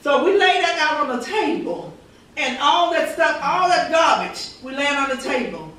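A woman's voice: high voice, lively intonation, normal speed, fairly bright tone, a little hiss or hum. A woman pastor preaching a sermon with fervent, repetitive phrasing and rhetorical quotes, heard in a church sanctuary. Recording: echoey church recording from far off.

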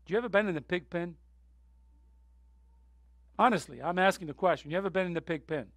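A man preaching a sermon with passion, going from soft, tearful moments to loud, urgent appeals. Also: high-pitched, a little fast, no room sound, clean studio sound. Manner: impassioned, swings from soft to loud; emotional, near tears. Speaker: pastor.

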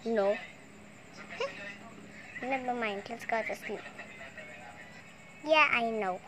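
Slow, playful woman telling a toy story. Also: a little high. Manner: slow, playful, sing-song with excited squeals. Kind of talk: toy play storytelling with put-on voices.

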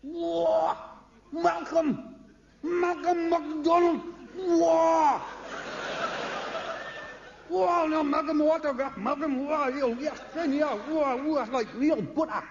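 A comedian playing an excitable, starstruck policeman, gushing loud exclamations. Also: very high voice, takes it slowly, creaky, pauses often, noisy background, voice pushed up, full character voice. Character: starstruck Geordie policeman, adult man, excitable. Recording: echoey lo-fi live concert recording.

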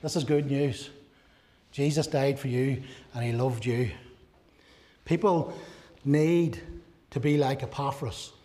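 A male pastor preaching a sermon, earnest, with many rhetorical questions and a voice that drops soft and low on key phrases. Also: takes it slowly, pauses often.

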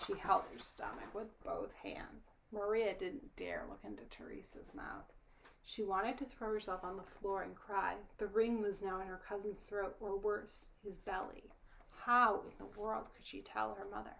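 Lady reading a kids' story, hushed and whispery, bit of gravel in the voice. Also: mid-range voice, animated, a little slow, a little hiss or hum. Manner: soft, often whispered narration. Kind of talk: storybook read-aloud.

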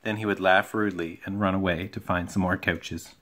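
A man with a fairly low voice reads a children's storybook aloud. His reading is relaxed and homely, with small slips and friendly asides along the way. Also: a little fast, slight background noise. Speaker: storybook reader.

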